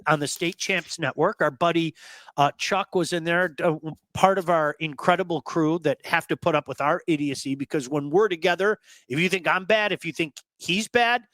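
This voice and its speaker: A man hosting sports talk radio in an emphatic, animated way. His voice sits somewhat high for a man. The sound is dry and close, with no room around it. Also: moderate pace, dry recording. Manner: emphatic, animated storyteller who repeats words for effect.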